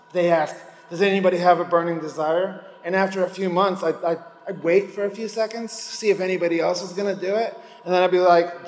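A man's voice: a little high, roomy sound, long reverb tail, a little hiss or hum, rough recording. A man speaking at a recovery meeting, giving a candid personal testimony and rambling between thoughts. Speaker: recovering alcoholic sharing at a meeting.

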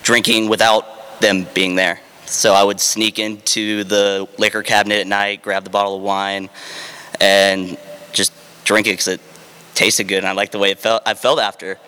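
Ex-Marine storyteller, frank and self-mocking, crisp and forceful tone. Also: male voice, lowish voice, level tone, moderate pace, long reverb tail. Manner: frank and self-deprecating, with fillers and dry humor. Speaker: former Marine sharing his drinking story. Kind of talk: candid personal storytelling.

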